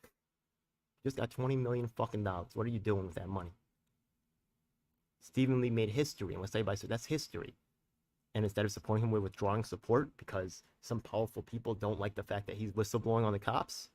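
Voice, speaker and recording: Recorded from a distance, a community activist hosting a live stream speaks in a lowish, fairly even, slightly mellow voice. His talk is heated, profane and meandering, loaded with street slang and quick tag questions for viewers.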